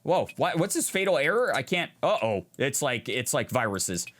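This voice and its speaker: A young man hosting a gameplay video, thinking aloud in an animated and reflective way as he plays. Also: mid-range voice, normal speed, slight background noise. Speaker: gaming video host. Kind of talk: let's play commentary.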